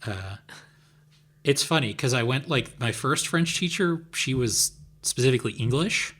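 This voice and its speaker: A man's voice: medium pitch, animated, a little slow, fairly bright tone, breathy edge. A man co-hosting a podcast, rambling casually with many fillers. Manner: rambling, lots of "like" and "um". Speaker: podcast co-host. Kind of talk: casual chat.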